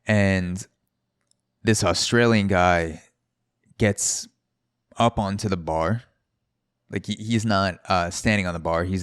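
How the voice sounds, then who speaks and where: A male podcast host tells a loose, meandering story, often restarting his sentences and dropping the odd swear word. His voice sits very low. The sound is dry and close, with no room around it. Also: clean tone, no room sound. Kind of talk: casual storytelling.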